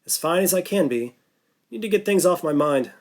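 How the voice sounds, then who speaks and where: A woman's voice: fairly low pitch, animated, normal speed, a little mellow, lightly acted. A man voicing a weary young woman who jokes lightly in an audiobook. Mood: wry. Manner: light, wry. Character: weary young woman diver, joking through stress.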